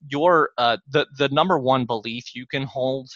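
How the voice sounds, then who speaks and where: A man's voice: mid-range voice, moderate pace, fairly bright tone, dry recording. A man as an interview guest, explaining ideas in a rambling way with restarts and chuckles. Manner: rambling, many fillers and restarts, chuckles often. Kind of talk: interview conversation. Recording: dull lo-fi dry sound.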